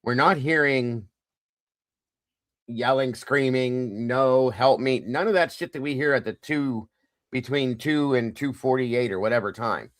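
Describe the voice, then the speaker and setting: Guy hosting a crime stream, blunt and swears a lot, keeps saying in my opinion, dry close sound, middle pitch. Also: unhurried, a bit bright, dry recording. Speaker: livestream host. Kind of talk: casual true-crime discussion stream.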